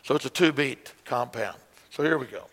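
A man's voice: mid-range voice, animated, a little fast, a bit bright. A man teaching song leaders how to beat time, counting aloud and breaking into hymn lines to show the beats. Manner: explains conducting, breaks into hymn singing. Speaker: song leading instructor. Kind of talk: music lesson with singing. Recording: long hall reverb.

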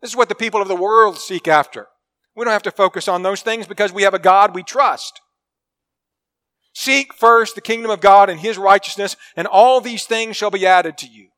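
A male preacher delivers a sermon in a high-pitched, bright voice. He talks earnestly and with emphasis, leaning on key phrases. He often sinks into quiet, intimate tones. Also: normal speed. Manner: earnest, emphatic preaching with dramatic drops to a hush; acts out quoted people in a story.

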